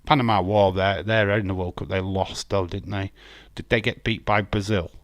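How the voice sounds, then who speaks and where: A man with an English accent chats on a live stream, ranting bluntly and swearing freely. His voice is low and a little hoarse, and the sound is dry, with no room around it. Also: fairly even intonation, moderate pace, dry recording. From England. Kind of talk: casual live stream chat.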